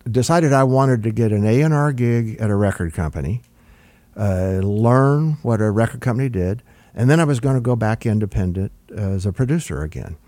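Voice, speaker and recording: A man's voice: lowish voice, normal speed, no room sound. An older man, a record producer, telling long stories in an interview with many fillers and restarts. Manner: relaxed, rambling with fillers and restarts. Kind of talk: conversational interview storytelling.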